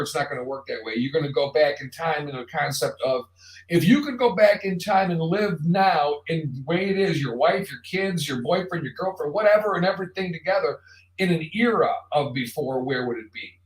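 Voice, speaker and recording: A man hosts a live online show, speaking straight to viewers in a casual, rambling, jokey monologue. His voice is a little high and fairly quick, and the recording has a roomy echo.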